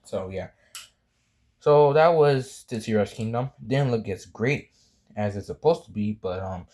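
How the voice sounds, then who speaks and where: A young man talks through a drawing tutorial in a relaxed, meandering way, with lots of ums and self-corrections. His voice sits a little low, with a warm, mellow tone. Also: unhurried. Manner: rambling, apologetic, many fillers and restarts. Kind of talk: casual drawing tutorial chat.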